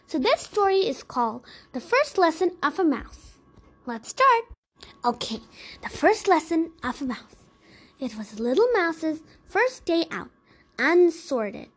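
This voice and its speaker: A woman reading folktales aloud as a storyteller, gentle and expressive. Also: extremely high pitch, unhurried.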